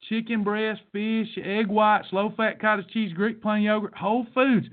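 A man's voice: high voice, steady tone, unhurried. A man hosting a podcast, coaching listeners on a diet program in a fervent, repetitive, sermon-like way. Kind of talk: preachy motivational monologue. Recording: tinny phone-like sound.

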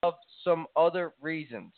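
A man's voice: a little high, normal speed, a loud crowd. A man hosting a sports talk show, confident and salesy as he hypes his betting picks. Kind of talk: sports radio banter. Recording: tinny phone-like line, dry.

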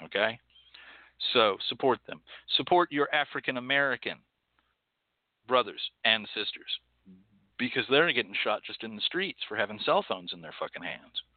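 A man's voice: mid-range voice, no room sound. A man from Texas hosting a call-in radio show, speaking bluntly and passionately with profanity and a preacherly cadence. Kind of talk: impassioned call-in talk show. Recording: tinny phone-like audio.

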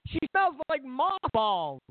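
Guy doing a high squeaky bossy politician yelling, dry and lo-fi like a phone. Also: huge pitch swings, slow pace, no room sound, full character voice. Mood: ranting. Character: shouting male politician, as a stern principal. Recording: tinny phone-like line.

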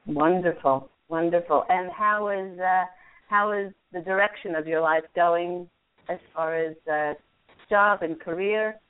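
A woman's voice: fairly low pitch, a little slow, smooth. A woman hosting a call-in radio show, giving angel card readings in a soothing, encouraging way with frequent laughs. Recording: phone-like lo-fi line.

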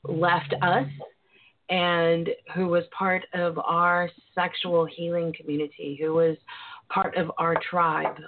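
A woman with a raspy voice and a Southern twang, hosting a casual talk show. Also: on the low side. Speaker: podcast host. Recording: tinny phone line.

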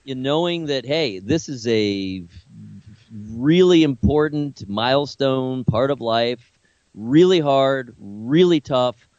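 A man's voice: medium pitch, expressive, slow pace, darkish tone, no echo, muffled recording. An older man, a grandfather, co-hosting a radio talk show, speaking earnestly and reflectively about a family loss. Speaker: co-host.

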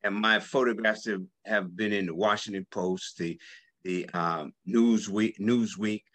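A man's voice: on the low side, fairly even intonation, a little slow, fairly bright tone. A man in his seventies, a guest on a radio interview, telling his story with hesitant fillers. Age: 70s. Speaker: guest, health practitioner.

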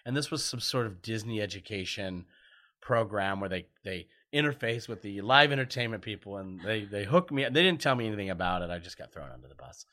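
A man's voice: on the low side, animated, brisk, pushed and bright. Chatty man telling stories, laughing. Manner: chatty, laughs often, self-deprecating. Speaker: guest, TV writer. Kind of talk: casual storytelling.

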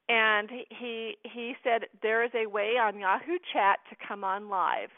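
A woman's voice: on the high side, steady tone, moderate pace, hardly any pauses, dry recording. A middle-aged American woman telling a personal story as an interview guest, earnestly acting out the dialogue she quotes. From United States. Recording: tinny phone line.

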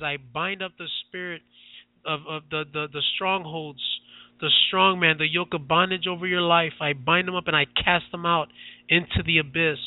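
Impassioned high-voiced male preacher, phone-like sound. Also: dry recording. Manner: repetitive, impassioned declarations. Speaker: radio preacher. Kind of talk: fervent prayer and preaching. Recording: tinny phone-like line.

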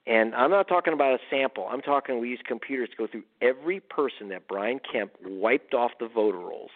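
Male guest author, emphatic and punchy, mid pitch, tinny phone-line sound. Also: fairly quick. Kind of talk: radio interview, storytelling.

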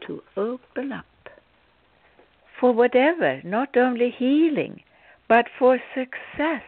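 A woman who works as a spiritual healer gives an inspirational talk in a voice on the high side. She acts out scenes theatrically and with humor, and the recording sounds tinny, phone-like, and dry.

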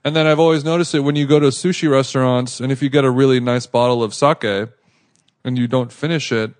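Man, podcast co-host, casual rambling storytelling, mid pitch. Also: a little fast. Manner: rambling, animated anecdote with acted quotes.

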